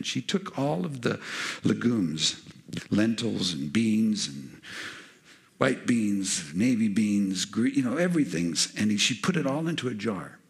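A man's voice: fairly low pitch, creaky. A middle-aged man preaching a conversational sermon that builds into fervent, rising delivery. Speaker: pastor.

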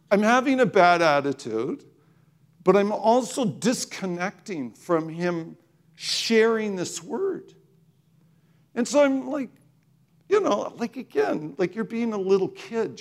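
Man telling a testimony, lively high voice. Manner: emotional, halting, many restarts and fillers. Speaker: speaker sharing a testimony. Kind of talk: personal testimony.

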